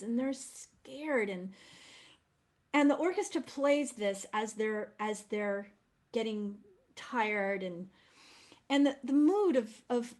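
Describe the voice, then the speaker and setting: A woman's voice: on the high side, a little mellow. A woman presenting opera program notes in an effusive, enthusiastic manner.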